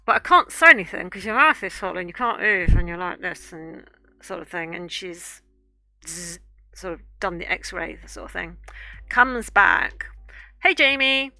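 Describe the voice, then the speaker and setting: A woman's voice: on the low side, expressive, a little slow, sharp tone, no room sound, faint music behind. A woman art streamer casually telling a rambling story while she draws, with lots of fillers and restarts.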